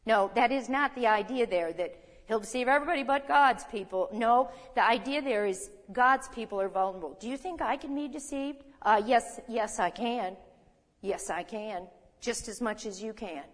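An older woman teaches scripture in a folksy, conversational way, dropping chuckling asides and rhetorical questions. Her voice sits fairly high. It carries a long reverb, as in a big hall. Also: normal speed. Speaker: Bible teacher.

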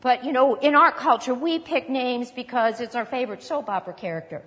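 A woman's voice: on the high side, fairly quick, few pauses, a bit bright. A woman teaching a sermon, reading scripture aloud and breaking into conversational asides and rhetorical questions. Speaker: Bible teacher. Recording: long reverb of a large hall.

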